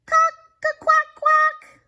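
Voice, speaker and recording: A woman reading a picture book aloud and voicing an eager male rooster with loud, drawn-out crowing. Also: extremely high pitch, monotone, lo-fi sound, pitched above the performer's own voice, heavily acted. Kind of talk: storybook read-aloud.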